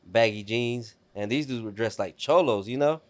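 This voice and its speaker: A man's voice: medium pitch, moderate pace. A man, hosting a podcast and telling stories in a casual, profane way.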